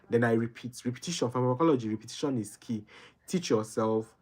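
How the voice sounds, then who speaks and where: A man's voice: mid-range voice, a little fast, a little mellow, breathy edge. Man giving casual study advice. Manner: repeats phrases and checks in with "right?". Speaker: medical doctor and video host.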